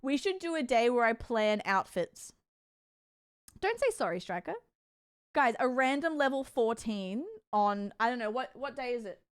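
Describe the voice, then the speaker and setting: A woman's voice: a little high, expressive, normal speed, smooth. A young woman streaming, chatting casually with her viewers, giggly and rambling, blurting out crude jokes. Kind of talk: casual livestream chat.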